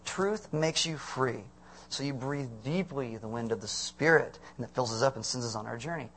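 A man's voice: medium pitch, normal speed, a bit bright, slight background noise. A middle-aged man preaching a conversational sermon as pastor, asking the congregation questions.

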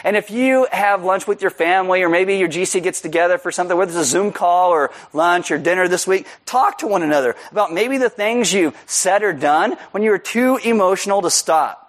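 A man delivers a sermon in a fairly high voice. He is joking and self-mocking, and he acts out stories in loud, high shouts. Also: fairly quick, hardly any pauses. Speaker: pastor. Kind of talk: sermon with storytelling.

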